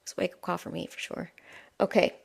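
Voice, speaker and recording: A woman hosts a live-streamed spiritual oracle reading, speaking softly and chattily at a fast pace, full of fillers and side remarks.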